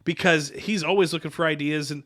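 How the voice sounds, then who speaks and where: Podcast co-host, man, 40s, slightly high, bright voice, rambling storyteller who restarts his sentences. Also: steady tone, brisk. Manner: rambling, self-correcting anecdote with quoted dialogue. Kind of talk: casual storytelling chat.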